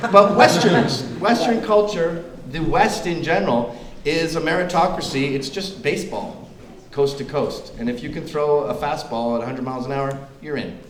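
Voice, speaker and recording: A man's voice: a little high, moderate pace. A man giving a comedic, provocative speech to a live audience at a club event, acting out quoted voices. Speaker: guest speaker at a club event. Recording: echoey room with background noise.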